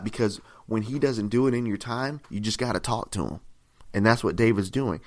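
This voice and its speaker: A man preaching a sermon in a conversational, repetitive way, often checking in with "right?" and rising in pitch and volume to stress a point. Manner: rises in pitch and volume for emphasis.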